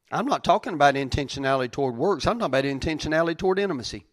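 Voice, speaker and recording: A man delivering a sermon with a somewhat high voice, preaching in a folksy, down-to-earth way. He drives points home by repeating lines and shifting between loud and hushed delivery. The sound is dry and close, with no room echo. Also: lively intonation, very fast, few pauses. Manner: emphatic, repeats phrases for effect, swings between loud and soft; plain-spoken, folksy preaching. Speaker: pastor.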